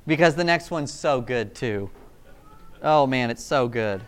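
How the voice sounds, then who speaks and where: A man preaching a casual, energetic sermon in a rambling, self-amused way. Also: medium pitch, unhurried. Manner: energetic, rambling, laughs at himself.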